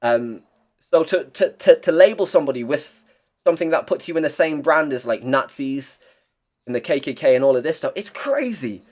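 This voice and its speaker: Young bloke on a podcast, rambly, swears a lot, keeps restarting. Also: male voice, fairly high pitch, expressive, normal speed, a little mellow. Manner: rambling, blunt, swears freely, many restarts. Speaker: podcast guest. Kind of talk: casual chat.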